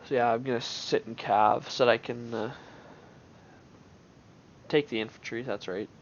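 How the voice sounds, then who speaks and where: A man's voice: medium pitch, fairly even intonation, moderate pace, lo-fi sound, slight background noise. A man giving casual gameplay commentary on his own match, thinking aloud in an offhand way with many restarts.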